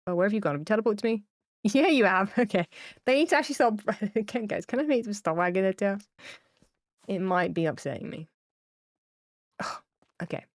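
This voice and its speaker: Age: not given. Sex: woman. Role: game streamer. Style: casual livestream chat, rambling and full of fillers. Pitch: mid-range. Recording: dry, close mic. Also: animated, fairly quick, pauses often, no room sound. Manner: rambling and chatty, many fillers and restarts; gushing and tearful over cute pets. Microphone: streaming mic, camera off.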